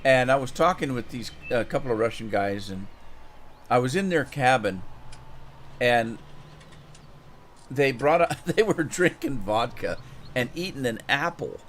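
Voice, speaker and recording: A man's voice: medium pitch, expressive, measured pace, long pauses, a little hiss or hum. A man streaming a farming game, telling a rambling anecdote with chuckles and repeated words, then greeting viewers in chat. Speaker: gaming streamer. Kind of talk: casual storytelling while gaming.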